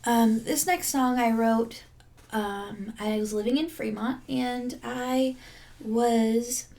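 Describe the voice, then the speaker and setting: A woman's voice: fairly high pitch, gravelly, warm tone. A woman singer-songwriter talking casually between songs at a home-streamed virtual concert, chatty and joking, trailing off with ums.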